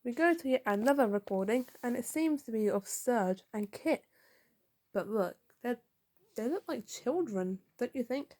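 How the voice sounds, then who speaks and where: Mellow-voiced woman recapping a comic. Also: fairly high pitch, lively intonation, moderate pace. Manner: recaps panels and reads dialogue aloud. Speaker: comic reviewer. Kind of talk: casual comic book review commentary.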